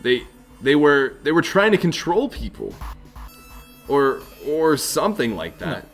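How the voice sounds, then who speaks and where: A man's voice: on the high side, very animated, measured pace, fairly bright tone, faint music behind. A man hosting a let's play, reading the game text aloud with casual, chuckling asides. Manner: casual, chuckling asides between read lines.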